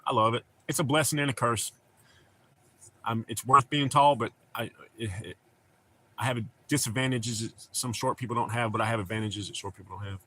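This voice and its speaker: A man's voice: mid-range voice, steady tone, a little fast, fairly bright tone. A middle-aged man with a Southern American accent, chatting casually and telling rambling, profane stories on a stream. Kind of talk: casual chat.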